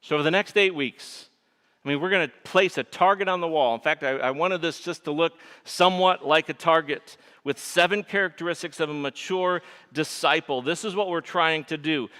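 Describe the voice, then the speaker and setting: A middle-aged pastor with a nasal Michigan accent preaches with bright, forceful energy. He swings from punchy emphasis down to hushed, quiet lines. His voice rings out in a long, echoing church sanctuary. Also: a little high, moderate pace, smooth. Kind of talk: sermon.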